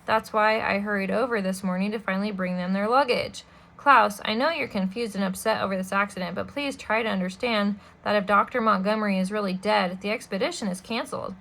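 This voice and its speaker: A woman's voice: medium pitch, a little fast, gravelly, fairly bright tone. A woman voicing a stiff, fussy man who speaks sternly and primly. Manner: stern and prim. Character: stiff, fussy adult male banker.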